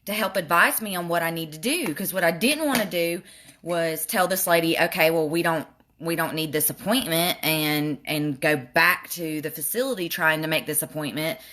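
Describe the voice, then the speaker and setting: A young woman doing a makeup tutorial at home, telling a frustrated, animated story with swearing. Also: lowish voice, moderate pace. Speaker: beauty vlogger.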